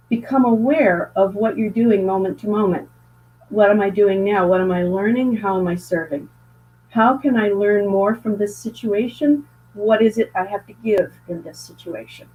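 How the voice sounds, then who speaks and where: This is an earnest woman from Canada speaking as a guest on an interview show. She talks in a conversational storytelling way and often restarts or repeats words. Her pitch sits in the middle range, and the audio sounds muffled, like a video call.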